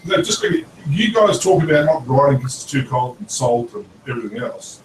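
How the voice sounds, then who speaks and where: A man chatting casually on a live stream, pausing often with fillers. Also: mid-range voice, sing-song. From Australia. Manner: hesitant, many fillers. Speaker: panel guest. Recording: roomy and distant with faint noise.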